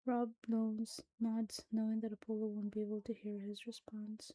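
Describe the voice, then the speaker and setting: A woman's voice: on the high side, completely flat delivery, moderate pace, dark tone, dry recording. A woman giving a dramatic reading of a horror story, often dropping to a whisper. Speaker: narrator.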